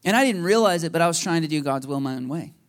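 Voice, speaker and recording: A man preaching a sermon as a pastor, telling stories with lively energy and acting out conversations with God. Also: a little high, quick pace. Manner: animated storytelling, acting out dialogue with God. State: a little emotional.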